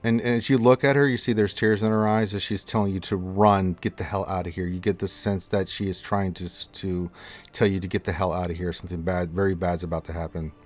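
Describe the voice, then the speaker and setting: A man's voice: sits low, little pitch movement, fairly quick. A man narrating as dungeon master in a tabletop game, casual and laughing now and then. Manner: casual, laughs often, fillers while narrating.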